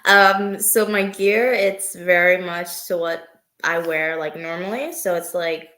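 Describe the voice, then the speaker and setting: A woman's voice: fairly low pitch, steady tone, slow pace, a bit bright, reverberant. A woman wrestler answering interview questions in easygoing casual chat, full of "like" and "um.". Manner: easygoing, heavy use of "like" and "um". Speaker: guest wrestler.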